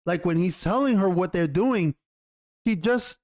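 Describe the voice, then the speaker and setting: A man giving a casual, excited review of a TV episode, rambling and swearing casually as he goes. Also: high voice, unhurried. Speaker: TV show reviewer.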